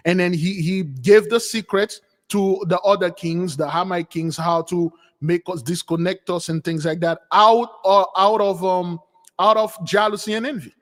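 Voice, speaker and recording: A man with a high voice preaches through a story, animated and acting out its people. His voice carries a long, hall-like reverb. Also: normal speed. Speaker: spiritual teacher. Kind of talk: storytelling sermon.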